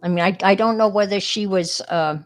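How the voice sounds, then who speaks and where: A woman's voice: mid-range voice, fairly even intonation, fairly quick. A middle-aged woman with a New York accent, chatting casually with viewers on a crafting livestream and greeting them by name.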